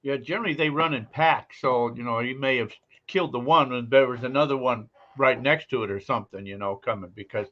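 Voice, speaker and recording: A man's voice: mid-range voice, a little fast, pushed and bright. Man on dull lo-fi stream audio. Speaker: host. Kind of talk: casual live-stream chat.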